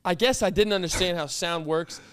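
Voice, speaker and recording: A man's voice: high-pitched, brisk, fairly bright tone, clean tone, dry recording. A young man in casual chat, teasing and telling comic stories. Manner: jokey, teasing storyteller.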